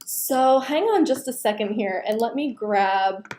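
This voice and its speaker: A woman's voice: fairly high pitch, expressive, a little slow, darkish tone. Chatty woman on a roomy computer mic. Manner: chatty, greets viewers by name. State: losing her voice. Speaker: live stream host. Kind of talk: casual live Q&A chat. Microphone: computer microphone. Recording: echoey room on a computer mic.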